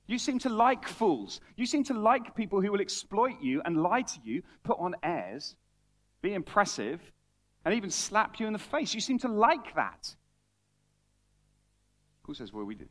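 Lively, conversational male preacher. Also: high-pitched, measured pace, pauses often. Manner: animated, conversational, stumbles and repeats words. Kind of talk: sermon with scripture reading.

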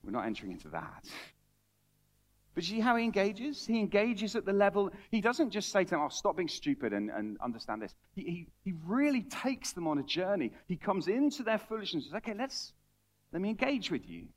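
A man's voice: sits high, very animated, a little fast. A man preaching a conversational sermon, reading scripture aloud and often repeating words as he talks.

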